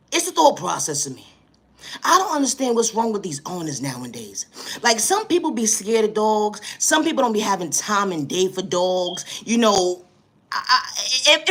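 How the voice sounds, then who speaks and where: A woman with a New York City accent telling a comedic story as an animated, slangy, exasperated rant full of repeated catchphrases. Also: mid-range voice, slightly rough.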